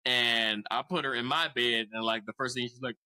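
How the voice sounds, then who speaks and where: A man's voice: mid-range voice, fairly even intonation, normal speed, sharp tone, rough recording. A man in his forties casually telling a profane story as a podcast co-host, often laughing.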